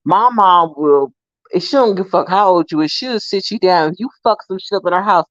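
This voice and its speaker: A young adult woman casually telling stories to her viewers in an animated, profane, laughing way. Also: brisk, no echo. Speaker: vlogger. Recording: dull, dry low-fi sound.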